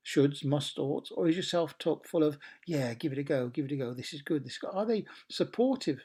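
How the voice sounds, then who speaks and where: A man's voice: a little high, a little mellow, husky. A man coaching a training session, working through ideas in lists and asking the group questions. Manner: questioning, listing with many pauses.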